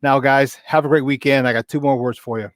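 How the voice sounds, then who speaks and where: A man's voice: medium pitch, fairly even intonation, a little fast, no echo. A man hosting a sports talk show, upbeat and chummy as he wraps up and thanks his guests. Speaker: sports talk radio host.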